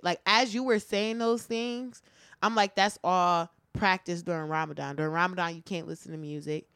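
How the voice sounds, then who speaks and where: A woman's voice: lowish voice, fairly even intonation, moderate pace, fairly bright tone, smooth, no room sound, studio quality. A woman co-hosting a podcast, reflecting at length in casual chat. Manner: reflective, talks through ideas at length. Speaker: podcast co-host.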